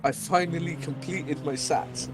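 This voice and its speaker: A man's voice: a little high, unhurried, loud music behind the voice. A young man co-commentating a virtual drift event, teasing his partner and laughing often. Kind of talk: live sim-racing commentary.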